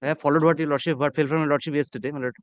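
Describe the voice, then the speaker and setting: A man's voice: on the high side, steady tone, very fast, clean tone, no room sound, muffled recording. A man, an advocate making submissions in a formal, deferential manner.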